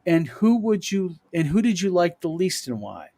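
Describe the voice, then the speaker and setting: A man's voice: high-pitched, sing-song, normal speed, gravelly, dark tone. A man co-hosting a casual panel chat, reading viewer mail and telling stories in a rambling way with many fillers and chuckles.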